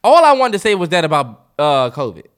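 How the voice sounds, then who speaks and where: Emphatic DMV man, fairly high voice. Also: sing-song, fairly quick, smooth. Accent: DMV African American English. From DC-Maryland-Virginia area. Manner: argumentative, emphatic, joking. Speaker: podcast co-host. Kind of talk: casual chat.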